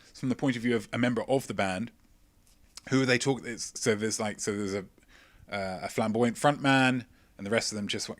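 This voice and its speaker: A man's voice: fairly low pitch, no room sound. A man hosting a live-streamed quiz, reading out viewers' answers with chatty, self-mocking jokes. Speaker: quiz show host.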